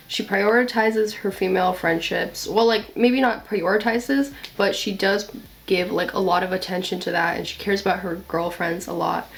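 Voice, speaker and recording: A woman's voice: mid-range voice, slight background noise. Chatty young woman vlogger. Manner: chatty, blunt, swears casually, lots of "like". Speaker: video essayist. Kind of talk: casual commentary vlog.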